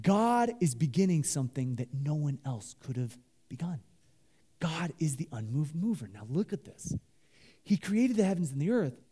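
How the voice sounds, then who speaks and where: A man preaching a sermon with a high yet mellow, darkly colored voice. He is animated and leads the congregation in call-and-response, rambling with fillers and restarts as he works through his points. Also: normal speed, slightly rough. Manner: talks loosely with many fillers and restarts. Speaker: pastor.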